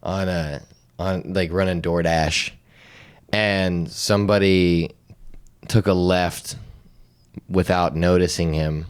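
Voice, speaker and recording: A man's voice: sits low, fairly even intonation, slow, pauses often, clear, resonant tone. A man co-hosting a comedy podcast, chatting casually and teasing his friend, laughing often. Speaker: podcast co-host.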